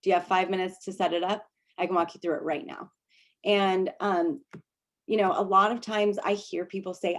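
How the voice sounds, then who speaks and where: A woman's voice: fairly low pitch, steady tone, moderate pace. A woman presenting a casual workshop over a video call, laughing often and restarting her sentences as she coaches. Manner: chatty, laughing, many restarts.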